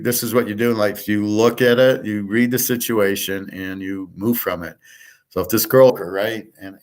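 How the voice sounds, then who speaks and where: A middle-aged man talking bluntly in a rambling personal monologue, frustrated, swearing freely and restarting his sentences often. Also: lowish voice. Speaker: channel host.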